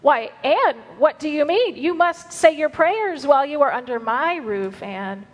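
A woman's voice: high voice, animated, measured pace. A woman reading as a stiff, stern guardian. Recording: long hall reverb.

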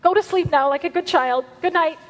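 A woman's voice: very high-pitched, fairly quick, voice pushed up. A woman reading the part of a stiff, proper older woman guardian, stern and a little flustered. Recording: long hall reverb.

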